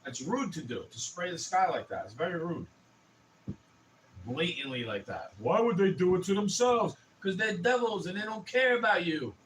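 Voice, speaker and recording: A young man in his twenties, on a casual livestream, rants profanely and heatedly. His voice sits a bit high. He is heard from a distance off the mic, with faint noise behind. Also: expressive, normal speed, a bit bright. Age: 20s. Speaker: streamer.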